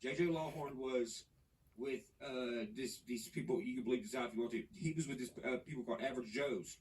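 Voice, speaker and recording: A man from Nashville, talking in a casual podcast chat, animated, profane and rambling. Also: mid-range voice, a little fast, far from the mic, slight background noise, poor audio. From Nashville, Tennessee. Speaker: podcast guest.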